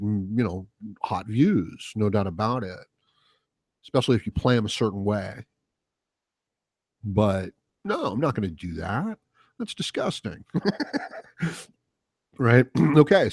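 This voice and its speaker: A man's voice: on the low side, darkish tone, dry recording. Profane rambling man, dry close mic. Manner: rambling, profane, full of fillers. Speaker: podcast host. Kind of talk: casual solo rant.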